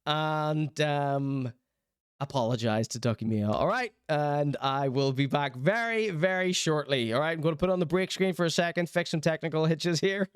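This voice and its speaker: A man's voice: a little high, normal speed, clear, resonant tone, no room sound, clean studio sound. A man hosting a casual live stream, ranting in theatrical mock outrage. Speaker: streaming show host. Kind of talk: casual livestream commentary.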